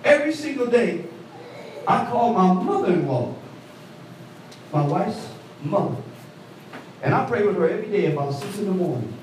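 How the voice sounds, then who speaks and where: A man preaching an animated call-and-response sermon, recorded from a distance in a church. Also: moderate pace, pauses often, slight background noise. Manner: animated call-and-response preaching, voice swooping high for quoted women. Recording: echoey hall, mic from afar.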